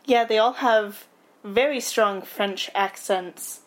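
A woman's voice: mid-range voice, slow. A woman co-hosting a podcast, chiming in with wry comments and laughing easily. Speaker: podcast co-host. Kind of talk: casual movie discussion chat.

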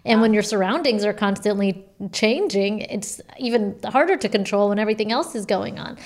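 A woman's voice: medium pitch, a little fast. A young woman who recently had a baby, hosting a podcast and chatting in an encouraging way. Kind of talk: casual chat.

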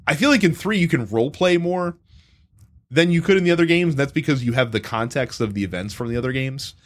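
A man's voice: medium pitch, fairly quick. A man in casual gaming chat, telling stories in a rambling, profane way, full of restarts and fillers. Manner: rambling, profane, animated storytelling with frequent restarts.

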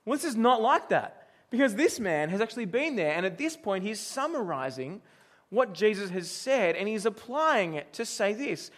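High-voiced male pastor telling stories. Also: sing-song, normal speed, a bit bright. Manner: conversational, storytelling, asks the congregation questions. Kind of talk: sermon.

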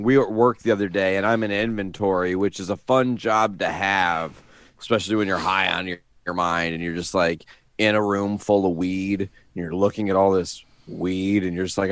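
A man co-hosting a casual podcast, swearing freely and joking in excitable banter. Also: deep voice, no echo. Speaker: podcast co-host. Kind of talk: casual chat.

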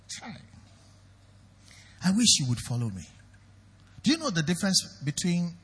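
A man's voice: a little high, sing-song, moderate pace, pauses often, fairly bright tone, husky, long reverb tail. A Nigerian man preaching a sermon as pastor, emphatic and questioning the congregation directly.

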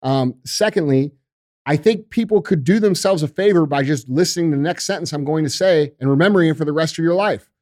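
A fiery, profane man holds forth on a podcast in casual slang, calling everyone bro and dude. His voice sits a bit high for a man and sounds close and dry, with no room around it. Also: brisk, darkish tone, no room sound. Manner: calls people bro and dude. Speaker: podcast guest.

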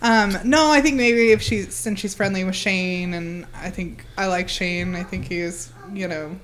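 A woman's voice: medium pitch, measured pace, a bit bright. A woman co-hosting a podcast in casual chat, hedging her opinions and laughing often. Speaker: podcast co-host.

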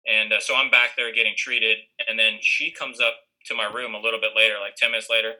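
A man's voice: on the low side, little pitch movement, quick pace, sharp tone, poor audio. A young man casually telling a rambling story, full of fillers and restarts, acting out what others said. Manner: rambling, many fillers and restarts, acts out quoted lines.

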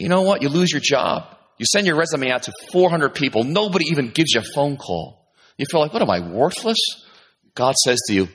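A middle-aged man preaching a sermon with animated delivery, moving from loud, high emphasis to low, quiet asides as he acts out his listeners' thoughts. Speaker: pastor.

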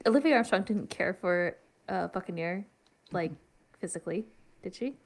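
A woman's voice: medium pitch, a little mellow. A woman co-hosting a podcast, chatting playfully and laughing a lot. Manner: giggly, playful, teasing. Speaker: podcast co-host. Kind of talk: casual chat.

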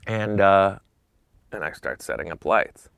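A man telling stories as a guest in a casual interview, animated and swearing freely, acting out what others said. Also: sits low, a little slow, gravelly, clear, resonant tone, no room sound.

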